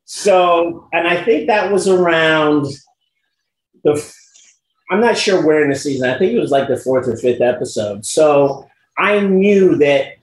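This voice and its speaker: A man's voice: fairly high pitch, unhurried. A man, an actor, casually telling stories about a past role with frequent fillers. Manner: relaxed, frequent fillers, lively when quoting himself. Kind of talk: casual anecdotal storytelling. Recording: roomy with faint background noise.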